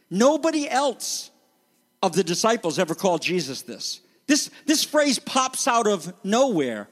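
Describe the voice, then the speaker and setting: High-voiced man preaching a sermon. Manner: emphatic, dramatic teaching that acts out quoted voices. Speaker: pastor. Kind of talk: expository sermon.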